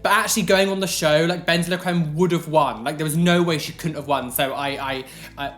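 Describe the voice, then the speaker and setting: A man in his twenties from England with a fairly high, camp voice, chatting animatedly through viewer questions in a casual vlog. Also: fairly quick, soft background music. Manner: chatty and animated, lots of fillers. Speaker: vlogger answering viewer questions. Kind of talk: casual Q&A chat.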